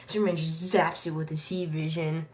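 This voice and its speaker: Low-voiced woman rambling through a comic review, lots of likes and ums. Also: little pitch movement, moderate pace. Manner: rambling, filler-heavy plot recap. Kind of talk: casual review vlog.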